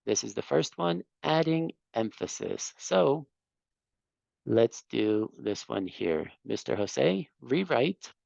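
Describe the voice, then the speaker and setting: A man's voice: medium pitch, expressive, slow, vocal fry, darkish tone, dry recording, lo-fi sound. A man teaching an English class, patiently explaining grammar and correcting students.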